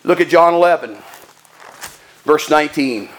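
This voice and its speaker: A man's voice: on the high side, measured pace. A male pastor preaching a sermon in a folksy, emphatic, conversational way.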